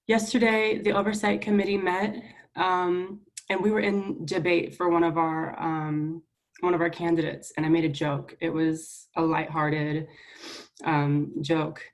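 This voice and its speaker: A young woman student senator giving a public apology at a meeting, earnest and halting, close to tears. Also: lowish voice, flat delivery. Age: young adult. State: near tears.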